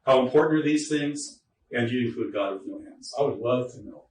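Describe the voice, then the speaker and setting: A man's voice: mid-range voice, brisk, darkish tone. Guy giving a chatty jokey talk to teachers, mic pretty far off, roomy echo. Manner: chatty, jokey, asides to the audience. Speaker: lecturer, teacher educator. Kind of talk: informal workshop lecture. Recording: roomy echo, distant mic, faint noise.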